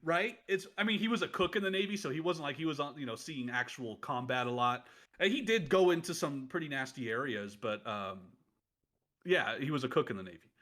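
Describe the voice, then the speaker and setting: A man in his late thirties with a slightly high voice tells old stories from his wrestling days in a loose, rambling way. He keeps cracking up as he talks in a casual podcast chat. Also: animated, brisk, fairly bright tone. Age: late 30s. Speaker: podcast co-host, former wrestler.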